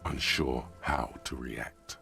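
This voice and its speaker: A very deep, gravelly narrating voice drawls each line slowly. It is the stern, wry inner voice of a video game hero, dry and commanding. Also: male voice, fairly even intonation, sharp tone, soft background music, heavily acted. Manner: slow, dry, commanding delivery.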